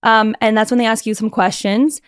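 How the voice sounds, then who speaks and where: Fast-talking young woman, animated storyteller. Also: fairly high pitch, smooth, no room sound, studio quality. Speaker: podcast guest. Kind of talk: casual interview talk.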